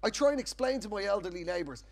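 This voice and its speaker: On a festival stage, a comedian from Ireland delivers a stand-up set of punchy, profane stories stuffed with tag questions. He speaks quickly and animatedly in a high voice.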